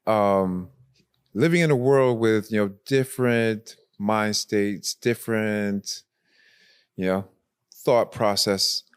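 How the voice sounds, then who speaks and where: Male host, slow and halting, smooth voice, dry close mic. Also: fairly low pitch, no echo. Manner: halting, searching for words. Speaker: podcast host. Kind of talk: interview conversation.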